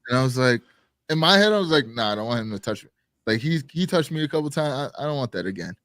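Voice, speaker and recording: Male co-host, mid-pitch, lively raconteur who swears and shouts out quoted lines, dry studio sound. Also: fast, no echo. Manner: animated, swears a lot, acts out quotes loudly. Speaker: podcast co-host. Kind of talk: casual storytelling chat.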